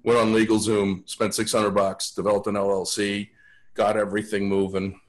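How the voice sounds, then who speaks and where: A man's voice: lowish voice, flat delivery, moderate pace. A man guesting on a podcast, telling stories in a blunt, frank way and often restarting his sentences. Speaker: podcast guest, sales author. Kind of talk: casual storytelling.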